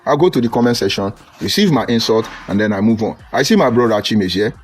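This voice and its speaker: A man with a Nigerian accent delivers a combative, mocking political monologue on a live stream, greeting viewers by name and rising to loud outbursts. His mid-range voice is animated and fast, with soft music playing behind him.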